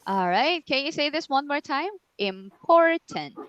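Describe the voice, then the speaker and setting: A woman's voice: sits high, lively intonation, moderate pace, a bit bright, dry recording, muffled recording. A woman from Thailand teaching English in an online tutoring session, encouraging and repeating words for drilling.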